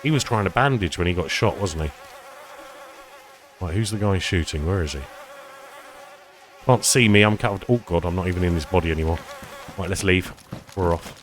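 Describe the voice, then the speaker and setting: A man with a notably low, deep voice talks his way through a survival game for his stream viewers. He rambles casually, jokes at his own expense and chats to his audience. A faint hiss of noise sits behind him. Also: moderate pace, long pauses. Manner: chatty, self-deprecating, talks to chat. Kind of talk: casual gameplay commentary.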